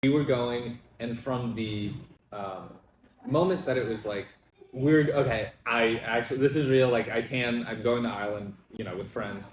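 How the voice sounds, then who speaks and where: A young man telling stories at a brunch table, full of fillers and restarts, lively when he retells scenes. His voice sits in an ordinary middle pitch, and the room gives it a roomy echo. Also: moderate pace, slight background noise. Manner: rambling, lots of fillers, animated retelling. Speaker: comedian guest. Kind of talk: casual brunch chat. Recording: echoey room.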